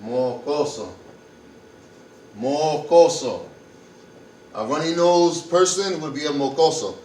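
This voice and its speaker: A man's voice: on the high side, expressive, normal speed, darkish tone, reverberant, distant mic, slight background noise, low-quality recording. A man teaching medical Spanish vocabulary in an informal class, repeating and spelling words out and thinking aloud as he goes. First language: English. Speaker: Spanish teacher for health workers.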